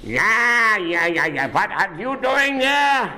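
A man's voice: high-pitched, very animated, slow pace, bright, forceful tone, in a large hall, full character voice. A man voicing a bossy, dismissive moose in a storybook tale, scoffing and taunting. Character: gruff bossy male moose, dismissive bully.

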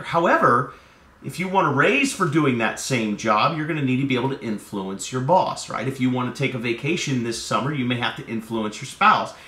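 A man hosting a motivational vlog, talking casually and energetically to camera. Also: medium pitch. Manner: conversational, energetic, acts out sales dialogues. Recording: roomy echo, distant from mic.

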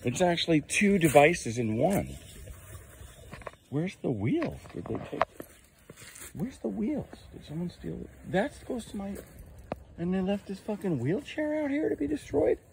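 A man's voice: high voice, expressive, moderate pace, gravelly, noisy background. A man filming his damaged belongings outdoors on a rainy night with a handheld phone, ranting in an angry, exasperated voice and swearing constantly. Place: outdoors at home at night in the rain.

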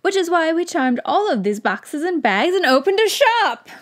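A woman voicing a small, excitable male wizard shopkeeper with an odd put-on accent, in a fan fiction read-aloud. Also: sits high, normal speed, pitched above the performer's own voice. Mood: eager.

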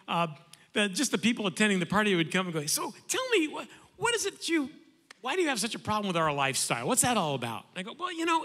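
A man on a church conference panel telling a lively anecdote, acting out the other voices. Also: fairly high pitch. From Southern California. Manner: animated, acts out voices in anecdotes. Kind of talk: storytelling on a panel. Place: large church hall. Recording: long hall reverb.

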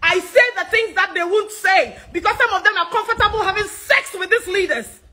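A Ghanaian woman delivering an angry political rant, loud and fiery, cursing freely. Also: very high-pitched, fairly quick, poor audio. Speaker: social media commentator.

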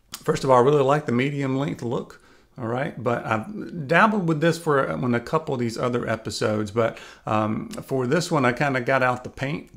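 A man's voice: mid-range voice, vocal fry. A man hosting his own beard channel, talking casually and chattily with lots of fillers as he gives beard advice. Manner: relaxed and chatty, frequent "uh" and "kinda". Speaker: YouTube beard channel host. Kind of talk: casual video commentary.

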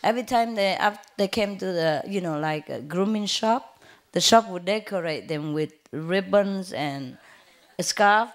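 This is an informal lecture by a woman spiritual teacher who wanders from story to personal story, laughing frequently and often using fillers or starting over. She speaks in a mid-range voice at a measured pace.

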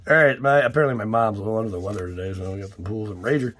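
A man's voice: fairly low pitch, racing, fairly bright tone, slight background noise. Playful man hosting a card unboxing. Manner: playful, exclamatory, with goofy catchphrases. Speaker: card-opening channel host. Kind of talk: casual unboxing commentary.

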